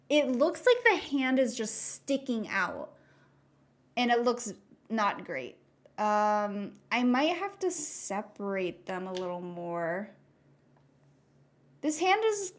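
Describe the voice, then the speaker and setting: Chatty young woman streaming while drawing. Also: fairly high pitch. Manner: chatty, rambling, reads chat aloud. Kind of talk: casual chat while drawing.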